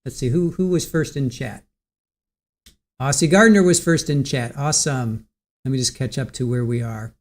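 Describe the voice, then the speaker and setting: A man hosts a casual livestream covering a court trial, greeting chat viewers by name. At a medium pitch and moderate pace, he recaps the case with many ums and restarts.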